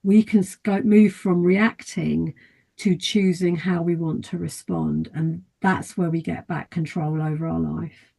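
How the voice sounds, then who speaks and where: A female therapist, here as a podcast guest who coaches on life and mindset, explains things at length. Her voice has a low, gravelly edge, and she keeps a calm, patient, measured pace. She teaches in a steady way and briefly acts out quoted inner thoughts as asides.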